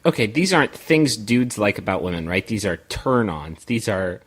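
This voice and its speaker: A man's voice: lowish voice, lively intonation, normal speed, a bit bright, husky. A man co-hosting a comedic podcast, cutting in with sarcastic, incredulous riffs. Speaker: podcast co-host.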